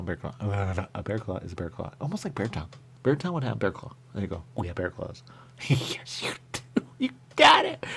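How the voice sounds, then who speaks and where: A radio show host with a low, gravelly voice rambles playfully while sampling pastries, hopping from one thought to the next in casual chat. Slight background noise is present.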